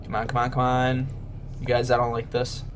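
A man's voice: mid-range voice, monotone, brisk, noisy background. A man giving nervous let's-play commentary on a horror game, often murmuring reassurances to his viewers. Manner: jittery, whispers reassurances to viewers. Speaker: gaming YouTuber.

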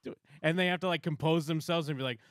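A man's voice: a little high, fast talker, dry recording, studio quality. A man co-hosting a podcast, casually recapping a reality show and acting out what the contestants say. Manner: animated storytelling, acts out quotes. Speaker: podcast co-host. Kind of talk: casual chat.

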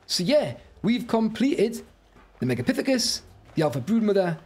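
A young man giving excitable, panicky live commentary on his gameplay and shouting orders to his creatures. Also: high voice, normal speed, husky. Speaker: gaming YouTuber. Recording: loud game music behind the voice.

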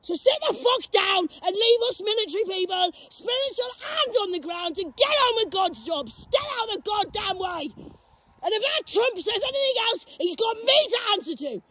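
A woman ranting profanely outdoors in a graveyard, shouting at unseen enemies on a phone camera. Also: very high-pitched, expressive, moderate pace, slight background noise. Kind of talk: ranting spiritual vlog.

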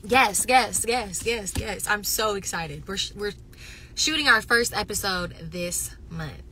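A woman chatting casually with viewers on a phone livestream, animated and loud, swinging between excited bursts and near-whispers. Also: mid-range voice, a little slow, a little hiss or hum. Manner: says she is loud. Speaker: reality TV personality going live.

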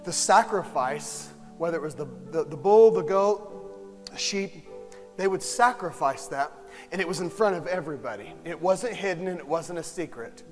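High-voiced impassioned preacher in a reverberant church. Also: male voice, animated, normal speed. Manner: impassioned, swings from hushed to shouting. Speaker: pastor. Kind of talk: sermon. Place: church sanctuary. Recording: long hall reverb, faint music.

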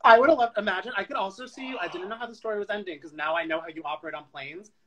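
A man's voice: high voice, very fast, a bit bright, rough recording. A man hosting a casual chat show, joking and teasing his guest and laughing often. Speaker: host.

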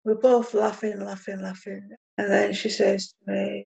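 Woman, middle-aged, deep fry and husky tone, plain personal storytelling. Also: level tone, darkish tone, rough recording. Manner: plain, unhurried recounting in dialect.

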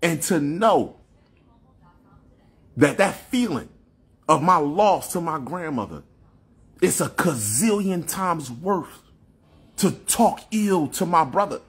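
A man's voice: sits high, a bit bright, husky. A man giving a fervent, preachy spiritual monologue on a phone livestream, repeating himself and swearing often. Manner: fervent, preachy, repetitive, with frequent profanity. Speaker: livestream host.

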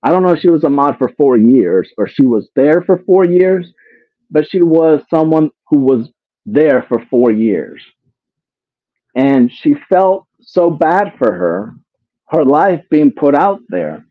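A man's voice: a little high, very animated, takes it slowly, no room sound. Man, casual live commentary, exasperated, rhetorical questions, swears, dry tinny phone-like audio. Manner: exasperated, keeps throwing rhetorical questions at viewers; swears, repeats phrases. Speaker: commentary streamer.

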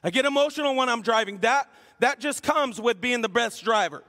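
Male pastor with a very high, gravelly voice, playful preaching style, echoing sanctuary. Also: brisk, bright, forceful tone. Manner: humorous, teasing the congregation. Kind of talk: sermon. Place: church sanctuary. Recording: long hall reverb.

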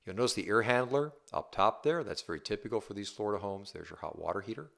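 Low-voiced man giving a home tour. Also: fast, vocal fry, fairly bright tone. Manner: upbeat, chatty, keeps asking the viewer "right?". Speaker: real estate agent. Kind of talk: casual home tour walkthrough.

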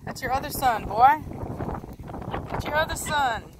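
A woman's voice: high voice, lively intonation, a little slow. A woman with a Texan accent chatting casually outdoors in a vlog, talking to her dogs. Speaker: dog breeder vlogger. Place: outdoors in a windy yard. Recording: faint wind noise outdoors.

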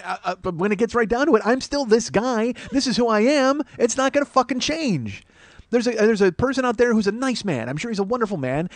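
A man in his 40s hosts a comedy podcast alone, cursing and venting in exasperation, swinging from fake indignation to muttering. His voice is on the high side, and there's no echo.

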